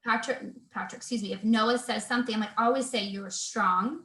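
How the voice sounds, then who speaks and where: A woman in her thirties talks as a guest on a video call, her voice sitting a little high. She sounds earnest and faith-filled, restarting her sentences and filling pauses with "um" and "like." The room around her is echoey. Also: steady tone, fairly bright tone. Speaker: guest, personal trainer. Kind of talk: casual video interview chat.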